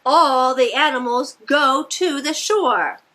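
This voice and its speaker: A woman reading picture books aloud to young children, animated and encouraging, often asking her listeners questions. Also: high-pitched, slow, a little hiss or hum. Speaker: children's storytime presenter.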